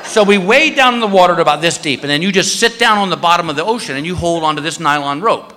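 A man's voice: a little high, lively intonation, fast, bright, forceful tone. A man telling a story in a stand-up routine, acting out the voices of the people in it. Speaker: stand-up comedian. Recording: live show in a reverberant hall.

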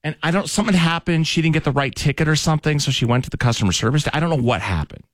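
Fast-talking male radio host. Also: on the high side, expressive, no echo, studio quality. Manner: rambling, self-deprecating anecdote with acted-out quotes. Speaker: radio morning show host. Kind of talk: casual storytelling.

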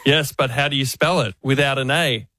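A man's voice: mid-range voice, fairly even intonation, normal speed, background noise. A man on a podcast in casual chat. He is good-humoured and self-mocking. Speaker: podcast regular.

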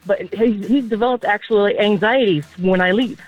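A woman's voice: medium pitch, moderate pace, muffled recording, faint music behind. A woman calling in to a morning radio show, talking earnestly and unhurriedly. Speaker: radio caller. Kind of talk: casual call-in chat.

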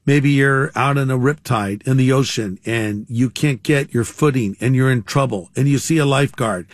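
A man's voice: medium pitch, moderate pace, no room sound, clean studio sound. A male pastor speaking on a radio program, earnest and plainspoken as he leads a prayer. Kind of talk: radio sermon, leading a prayer.

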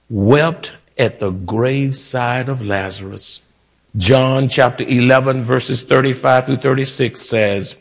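A male pastor preaching a sermon in a slow cadence, building emotion through repeated phrases. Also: medium pitch, vocal fry, breathy edge.

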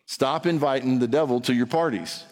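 A man preaching a sermon to a congregation in a conversational style, with quick rhetorical asides. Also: mid-range voice, a little mellow, big-room sound. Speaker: pastor.

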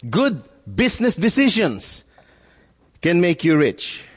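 A man preaching a sermon in a lively, swooping voice that sits a little high. He leans on repetition and rhetorical questions. His voice rings through a reverberant church hall. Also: slow pace. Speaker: pastor.

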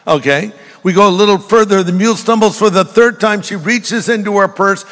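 Older male pastor, folksy storytelling sermon, slightly high voice, reverberant hall. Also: fairly quick, fairly bright tone, faint music behind.

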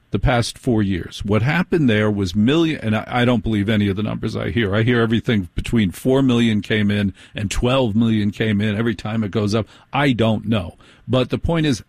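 A man's voice: mid-range voice, darkish tone, husky, no room sound. A man hosts a late-night radio show, talking in a chatty, wry way with playful asides. His voice sits in the middle range and sounds close and dry, with no room around it.

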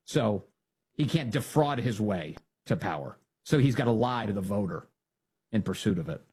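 A male talk-show host with a husky, slightly rough voice, his pitch swinging widely as he mocks his opponents. He talks in a sarcastic, opinionated monologue and keeps slipping into exaggerated impressions of the people he criticizes. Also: animated, normal speed, darkish tone. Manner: sarcastic, mocking, acts out quoted voices. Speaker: political commentary host.

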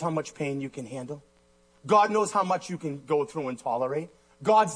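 A man preaching a sermon with passion, rising to loud high exhortation and dropping to quiet low asides. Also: fairly quick.

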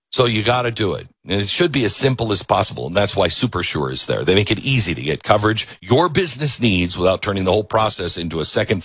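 Husky guy ranting on his talk show, pitch all over the place, dry close sound. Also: fairly bright tone, dry recording. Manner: sarcastic, ranting, mock voices, jumps high when mocking. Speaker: talk radio host. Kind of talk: opinionated talk show monologue with host-read ad.

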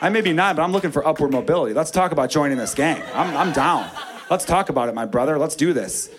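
A man telling a story in a stand-up comedy set, profane, animated and wry. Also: fairly high pitch, quick pace, a crowd in the background.

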